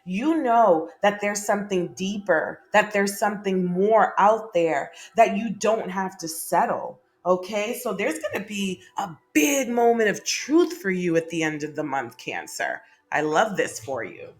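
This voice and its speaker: A woman's voice: medium pitch, animated, a little slow, few pauses. A woman giving a monthly tarot reading, chatty and enthusiastic, with many fillers and repeated okays. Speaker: tarot reader.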